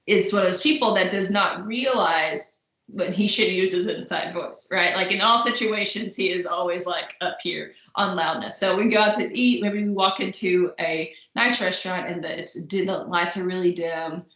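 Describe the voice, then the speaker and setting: A woman's voice: fairly low pitch, fairly bright tone, reverberant, low-quality recording. A woman giving a recorded college lecture in a conversational way, often checking in with her listeners. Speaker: college instructor.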